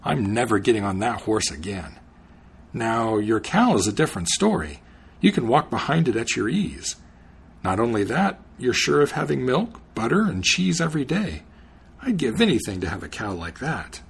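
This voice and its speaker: A man's voice: medium pitch, big pitch swings, normal speed, vocal fry, slightly rough, heavily acted. A man reading the part of a naive, cheerful young traveler in a storybook tale, speaking eagerly.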